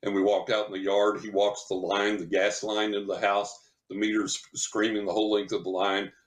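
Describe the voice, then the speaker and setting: A man, a psychic medium guest on a podcast, telling a story in an animated way and laughing as he talks. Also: on the low side, a little fast. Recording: roomy echo.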